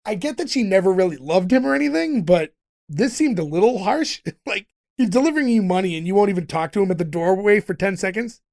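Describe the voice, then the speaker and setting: A man with a fairly high, light voice talks through a TV episode on a casual podcast. He recaps each scene in detail and keeps laughing along the way. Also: animated, fast, a little mellow.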